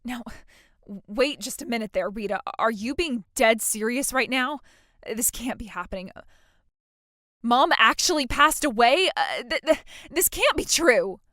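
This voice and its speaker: A whiny, entitled young bride, played by a woman, stammering and demanding in a dramatized text-message story. Her voice sits high, and the recording is dry and close-miked. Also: animated, measured pace, a bit bright, no room sound. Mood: shocked.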